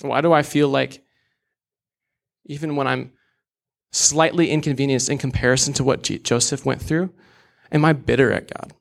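A man's voice: medium pitch, steady tone, normal speed, gravelly. A young man preaching a sermon in an earnest, candid way, with casual asides.

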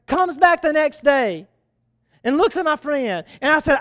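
A man delivers a sermon in a high, bright voice. He tells stories with energy and drives his points home by repeating them. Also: a little slow. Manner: animated storytelling preacher, repeats key phrases. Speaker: youth pastor.

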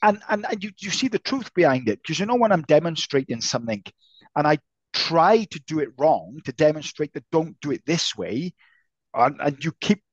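A man co-hosting a casual martial arts podcast, an animated storyteller who swears freely and acts out voices. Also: on the high side, normal speed, no room sound, lo-fi sound. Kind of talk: casual chat.

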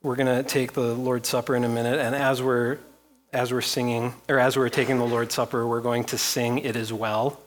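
A man's voice: medium pitch, level tone, moderate pace. A man preaching a sermon as pastor, reading scripture aloud with rising intensity and repeating phrases.

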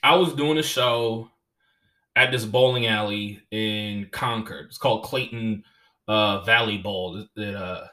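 A comedian and podcast host telling stories in a casual, profane, animated way and laughing as he goes. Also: on the low side, measured pace. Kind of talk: casual storytelling chat.

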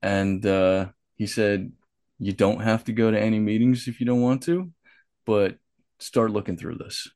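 A man's voice: fairly low pitch, a little slow, darkish tone, no echo, clean studio sound. A man, an author and artist, talking candidly as a podcast guest, plainspoken and profane, acting out the voices in his head. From United States. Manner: frank and profane, with quoted inner dialogue and restarts. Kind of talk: candid conversational storytelling.

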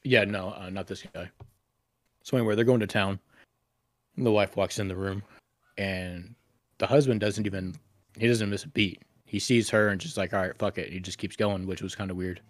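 A man's voice: low voice, steady tone, moderate pace, no room sound. A man co-hosting a casual podcast, retelling scenes in a crude, rambling way full of swearing. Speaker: podcast co-host.

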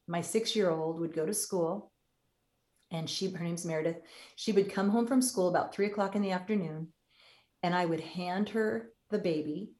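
A woman in her fifties recounts a stretch of her life as a podcast guest, speaking candidly. Her voice sits low, and she briefly takes on the voices of the people in her story. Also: darkish tone. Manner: candid, acts out quoted voices. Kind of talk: personal storytelling in an interview.

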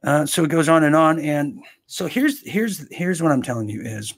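A man from the United States giving sarcastic, mocking commentary on news items, halting with fillers. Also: fairly high pitch, big pitch swings, vocal fry.

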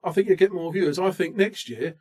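A man in his late thirties with a slightly higher voice than most men, co-hosting a comedy chat. He rants in an animated, self-mocking way, often breaking into laughter. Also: a little fast, husky. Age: 30s. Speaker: podcast co-host. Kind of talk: comic rant in casual chat.

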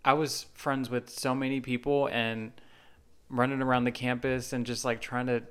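Teasing Southern man, clear voice. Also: medium pitch, level tone. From Tennessee. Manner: chatty, teasing, quick to laugh. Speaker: podcast co-host. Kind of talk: casual podcast chat.

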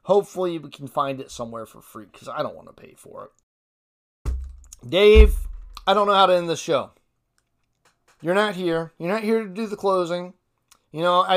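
A young man from Ohio hosts a podcast by himself. His talk rambles, with asides and jokes at his own expense, and he stops now and then to read quotes aloud. His pitch sits in the middle range for a man. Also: fairly bright tone. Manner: rambling and self-deprecating, reads quotes aloud. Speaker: podcast host. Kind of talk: solo casual podcast commentary.

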